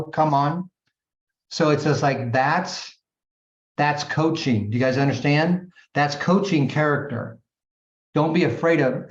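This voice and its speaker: Emphatic man coaching in an echoey room. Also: a little high. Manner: emphatic, repetitive, punchy sound words; addresses listeners as gang and guys. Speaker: team coach. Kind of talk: motivational coaching talk. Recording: dull echoey room recording.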